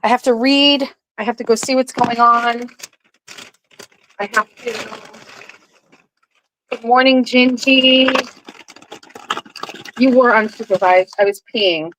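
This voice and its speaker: A woman chatting casually on a live stream from her kitchen table, excitable and swearing, often gasping and laughing. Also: on the high side, slow, pauses often, slight background noise.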